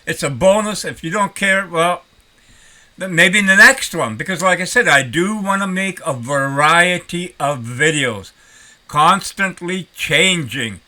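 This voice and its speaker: A retired older man rambling in a folksy, animated way as he talks to his vlog audience. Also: high-pitched, unhurried. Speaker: vlogger. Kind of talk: casual vlog talk.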